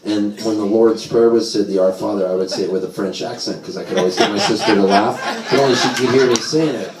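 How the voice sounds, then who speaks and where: A man's voice: lowish voice, steady tone, fast talker. A man telling rambling, self-amused stories to a live audience at a small bar, often laughing as he talks. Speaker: singer-songwriter telling stories on stage. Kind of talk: live stage storytelling. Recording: roomy live venue mic, from a distance, audience heard. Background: audience laughter and chatter.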